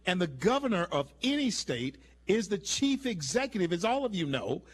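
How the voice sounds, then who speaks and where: Talk radio guy, emphatic and opinionated, voice a bit on the high side, keeps restarting his sentences. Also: very animated, normal speed. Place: radio studio.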